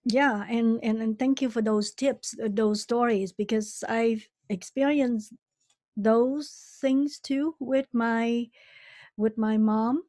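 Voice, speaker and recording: A woman's voice: on the high side, fairly even intonation, slow pace, darkish tone, no echo, clean studio sound. A woman hosting an interview, speaking hesitantly with many fillers. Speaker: podcast host. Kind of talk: casual interview chat.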